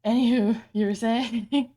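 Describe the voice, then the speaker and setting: A woman's voice: fairly high pitch, steady tone, a little slow, mellow. A woman streamer chatting casually during a live stream, rambling, restarting her sentences and laughing at herself. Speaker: streamer building her avatar model.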